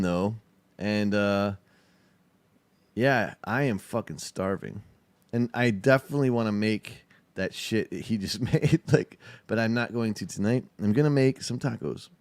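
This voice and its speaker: A man's voice: fairly low pitch, darkish tone, no room sound. A man hosting a casual livestream, chatting about a video in a profane, rambling, laid-back way. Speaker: show host.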